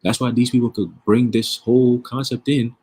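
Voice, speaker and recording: A man's voice: mid-range voice, fairly even intonation, normal speed, a little mellow, breathy edge. A man giving casual, profane religious commentary, streetwise and emphatic, with frequent rhetorical questions. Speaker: online preacher.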